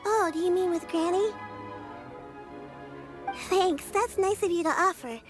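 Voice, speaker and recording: A woman's voice: very high voice, unhurried, music in the background. A woman voicing a cheerful, polite young woman in a game who looks after her grandmother. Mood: sober. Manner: friendly, polite, slightly weary. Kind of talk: game voice acting.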